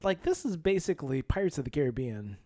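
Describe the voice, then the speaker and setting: A man's voice: fairly high pitch, very animated, quick pace, warm tone. A man co-hosting a podcast in casual chat. He tells stories and acts out his own reactions. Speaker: podcast co-host.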